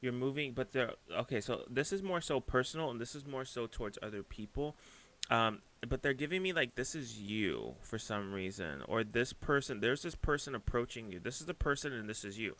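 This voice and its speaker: Bright-voiced, gushing male tarot reader. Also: medium pitch, fairly quick. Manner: effusive, gushing, excitable; rambling, searching for words. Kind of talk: casual tarot reading.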